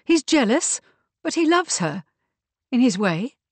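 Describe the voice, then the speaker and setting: A woman's voice: high-pitched, big pitch swings, moderate pace, darkish tone, slightly rough, dry recording, voice pushed up, exaggerated voice. A woman voicing an anxious, emotional young woman who exclaims in strained bursts. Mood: distraught. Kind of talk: audiobook character reading.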